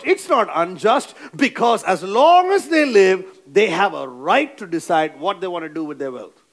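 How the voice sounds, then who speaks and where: A male preacher with a high voice that swings widely up and down. He preaches with emphasis, repeats his phrases, and keeps urging the congregation to say amen. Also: very animated, moderate pace. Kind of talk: sermon.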